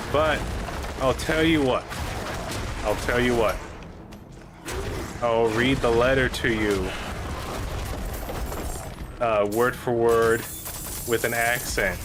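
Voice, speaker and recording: A man's voice: mid-range voice, background noise. A man casually rambling and joking while playing a game, as the host of his channel. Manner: rambling, joking, with frequent restarts. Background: game music.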